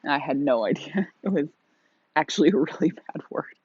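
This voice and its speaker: American woman just rolled outta bed, husky breathy voice, rambly ASMR smoking chat, dry dull lo-fi sound. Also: deep voice, no room sound. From United States. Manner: rambling and self-mocking, drawn-out words, exhales between phrases. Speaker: ASMR smoking channel host. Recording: dry, slightly dull lo-fi recording.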